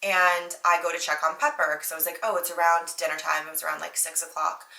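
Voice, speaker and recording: A young woman hosts her own podcast, telling a story in a loose, chatty way and acting out what people said. Her voice sits fairly low yet sounds bright and forceful. The room around her is echoey. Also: fast, vocal fry. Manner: chatty, animated, lots of "like", acts out quotes. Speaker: podcast host. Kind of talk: casual storytelling monologue.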